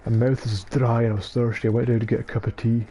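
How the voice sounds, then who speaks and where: A Scottish gaming streamer of about nineteen chats casually late at night, rambling, self-deprecating and stumbling over his words in a dopey voice. His voice is mid-range and level and he talks quickly, with a crowd and noisy game audio behind him.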